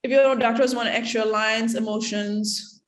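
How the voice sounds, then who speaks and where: A woman acting teacher taking questions in an online workshop, explaining in a lively way and acting out short examples. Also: a little high, moderate pace, reverberant. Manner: lively, acts out examples with laughter.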